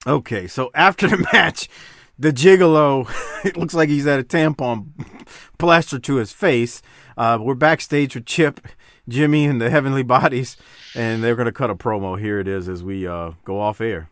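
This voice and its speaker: A man's voice: medium pitch, moderate pace, fairly bright tone, dry recording. A man hosting a casual chat over wrestling footage, breaking into laughing fits, swearing and apologizing. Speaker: podcast host.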